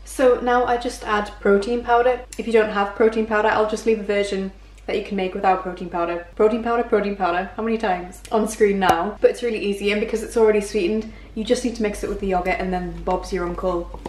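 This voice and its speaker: A woman's voice: mid-range voice, steady tone, quick pace, few pauses, darkish tone. Chatty woman in an echoey kitchen. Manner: chatty, self-mocking. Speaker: cooking vlogger. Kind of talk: casual recipe walkthrough. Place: home kitchen.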